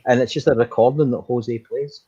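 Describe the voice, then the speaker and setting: A man's voice: medium pitch, steady tone, fairly quick, warm tone, breathy edge, muffled recording. A man chatting casually on a stream, dry and mocking, with some swearing. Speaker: panelist on a chat stream. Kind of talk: casual chat.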